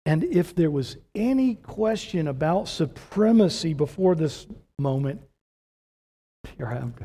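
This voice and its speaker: A man preaching a sermon as pastor, asking rhetorical questions and building to emphatic points. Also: fairly high pitch. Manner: animated preaching with rhetorical questions, slow measured delivery.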